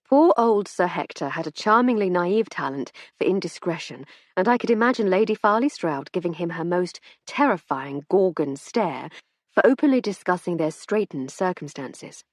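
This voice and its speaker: A woman narrating a first-person audiobook in a lively, expressive way. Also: fairly low pitch, moderate pace, no room sound, studio quality.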